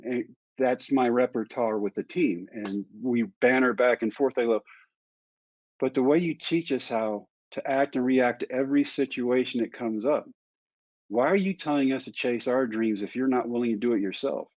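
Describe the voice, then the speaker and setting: A man in his fifties, a guest in an interview, telling his story in a lively way and acting out the dialogue. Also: medium pitch, moderate pace, dry recording. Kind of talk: candid storytelling in conversation. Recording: dry, slightly dull sound.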